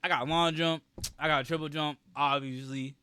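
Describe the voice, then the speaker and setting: Young male streamer, casual storyteller; bright, forceful voice, animated and profane. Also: a little high, normal speed, clear, resonant tone, no echo.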